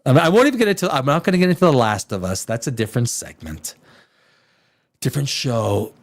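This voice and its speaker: Animated, swearing male stream host. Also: brisk. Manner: animated, profane, swings between loud peaks and low mutters. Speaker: live show host. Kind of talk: casual ranting commentary.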